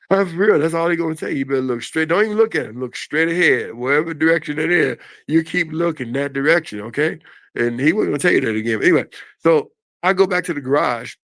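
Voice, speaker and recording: An older man telling a story in a casual, animated and folksy way on a live stream. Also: on the high side, quick pace, creaky, no room sound.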